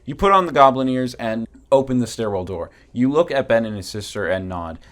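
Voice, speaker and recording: A young man hosting a comedy podcast, reading a silly story aloud in a halting deadpan way with fillers. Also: mid-range voice. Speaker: podcast host.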